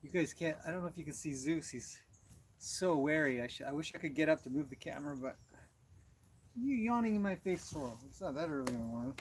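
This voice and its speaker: Host, male, casual livestream chat beside a horse, somewhat high voice, slight outdoor noise. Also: expressive, a little fast. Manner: chatty, talks to his animals between thoughts.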